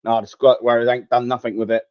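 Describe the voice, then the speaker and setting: Ranting fast and level-toned, a young man with a mid-range voice commentates on a football match during a live watchalong, swearing and rambling at his chat in exasperation. The dry, echo-free home mic gives a dull, lo-fi sound.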